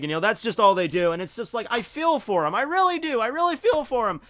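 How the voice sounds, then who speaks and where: A man telling a story on his vlog in a rambling, profane, animated way. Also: very high voice, fast, hardly any pauses.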